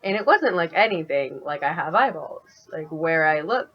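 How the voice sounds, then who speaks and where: A woman's voice: sits low, normal speed, muffled recording. Chatty young woman telling a story. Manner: chatty, animated, heavy use of "like". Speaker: vlogger. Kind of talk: casual storytime monologue.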